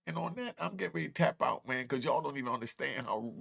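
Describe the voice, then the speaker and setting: A man's voice: medium pitch, animated, quick pace, vocal fry, a bit bright. A man in his fifties telling a raw, emotional personal story in casual street slang, close to tears. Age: 50s.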